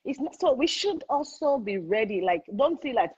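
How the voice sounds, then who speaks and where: A woman's voice: high voice, very animated, normal speed, darkish tone, breathy edge. A woman hosting a live online parenting chat, speaking emphatically and repeating her points for stress. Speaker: host. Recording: muffled lo-fi audio.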